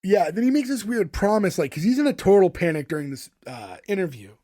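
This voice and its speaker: High-ish guy rambling thru a tv recap on a podcast, lots of likes and ums. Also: sing-song, quick pace, mellow. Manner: rambling, filler-heavy retelling of scenes. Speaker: podcast co-host. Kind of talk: casual recap chat.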